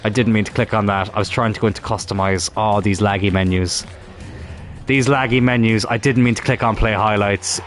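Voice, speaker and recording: With faint music behind him, a man with a fairly low voice and steady tone talks a little fast as he plays a football management game for his YouTube channel. He's casual but frustrated, muttering complaints and swearing at the game often.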